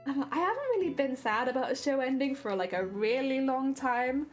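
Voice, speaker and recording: A woman's voice: sits high, lively intonation, normal speed, soft background music. A young woman streaming, chatting casually with her audience, laughing often and trailing off mid-thought.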